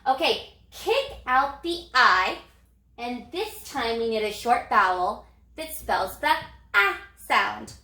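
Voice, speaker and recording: A woman elementary reading teacher guides young children through sounding out words, speaking slowly with a sing-song lilt and lively prompts. Her voice is bright and a little high. The sound carries an echo from the room. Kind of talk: phonics lesson for young children.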